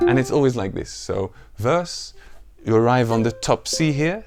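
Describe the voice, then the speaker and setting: A man talks through a ukulele lesson, counting beats out loud and explaining the plucking step by step. His voice sits at an ordinary middle pitch. His own ukulele playing rings out clearly beneath his words. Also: expressive, moderate pace. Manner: counts beats aloud and sings lines softly. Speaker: ukulele teacher. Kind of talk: music tutorial with counting and singing. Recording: ukulele music under the voice.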